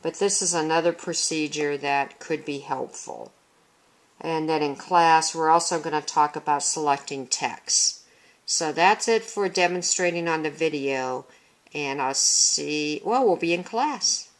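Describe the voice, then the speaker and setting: A woman speaks in a lower register at an unhurried, measured pace as she explains reading instruction methods. She breaks off to read children's book lines aloud as examples, teacher to student. It is recorded on a small handheld video camera. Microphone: handheld consumer video camera.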